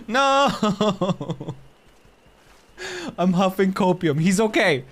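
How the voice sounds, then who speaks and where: A man's voice: high voice, expressive, measured pace, long pauses. A man live-streaming a video game, reacting with emotional, rambling and swearing talk while joking with his chat.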